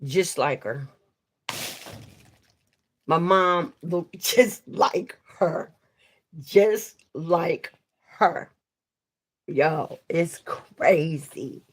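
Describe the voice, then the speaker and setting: Slow-talking woman chatting on a livestream. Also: fairly low pitch, slightly rough. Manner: chatty, addresses viewers, swears freely. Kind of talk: casual live stream chat.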